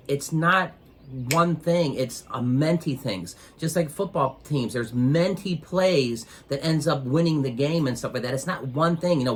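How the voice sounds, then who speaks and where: A man giving business advice as an interview guest, rambling with many pauses and filler sounds as he tells a motivational story. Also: a little high, slight background noise. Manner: rambling, many ums, grows animated when retelling.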